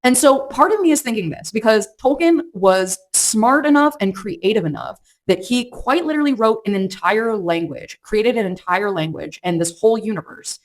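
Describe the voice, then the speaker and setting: A woman chatting casually through a book review vlog, rambling with lots of fillers and restarts. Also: mid-range voice. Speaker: book vlogger.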